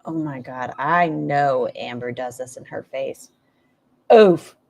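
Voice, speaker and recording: A woman's voice: very deep voice, steady tone, measured pace. A woman hosting a reaction video, making sarcastic, profane asides. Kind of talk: casual commentary.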